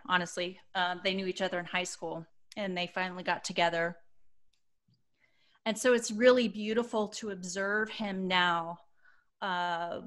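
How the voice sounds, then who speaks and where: A woman in her fifties speaking on a video call as an astrology panelist, soft-spoken and reflective, with many pauses and fillers. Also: on the low side. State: emotional, choking up.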